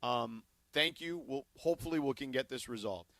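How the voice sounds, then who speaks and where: Bright-voiced radio host telling a story. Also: male voice, medium pitch, normal speed, dry recording. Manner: animated storyteller acting out both sides of a conversation. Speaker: radio sports talk co-host. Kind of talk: casual radio talk storytelling. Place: radio studio. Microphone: studio broadcast mic.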